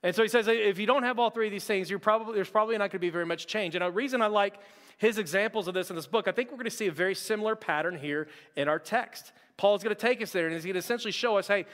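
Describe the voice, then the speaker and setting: A young man preaching a sermon as pastor, conversational and joking with quick asides. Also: sits high, a bit bright, big-room sound. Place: church sanctuary.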